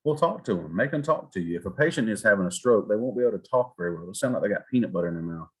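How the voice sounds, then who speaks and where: A man from South Georgia teaches an EMT class in a folksy, animated manner, sometimes acting out exchanges with patients. His voice sits very low, with a husky, slightly rough edge. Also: racing. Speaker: EMS instructor. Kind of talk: classroom lecture.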